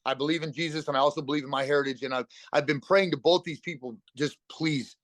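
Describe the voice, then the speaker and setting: A middle-aged man telling a raw personal recovery story as a podcast guest, talking fast and bluntly with emotion and free swearing. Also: on the high side, steady tone, a bit bright, no room sound.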